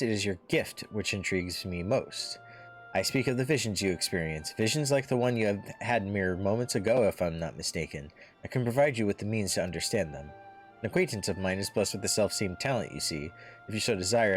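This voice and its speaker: A man reading a suave male rogue and spy in formal, measured game dialogue. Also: fairly low pitch, lightly acted.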